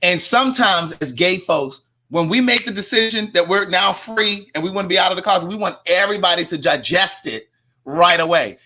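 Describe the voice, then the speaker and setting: A man on a discussion panel, explaining his view in a calm, measured way. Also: high voice. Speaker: panel guest.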